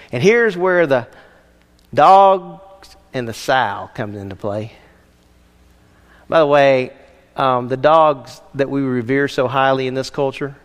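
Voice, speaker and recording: A man's voice: fairly high pitch, long reverb tail. A man preaching as a senior pastor, teaching a sermon in a conversational way with jokes and rhetorical questions.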